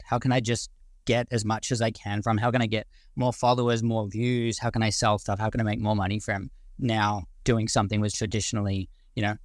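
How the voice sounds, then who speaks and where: A man's voice: mid-range voice, no room sound. A man in his forties with an Australian accent, a guest speaker in a casual live audio discussion, ranting passionately and rambling with some casual swearing.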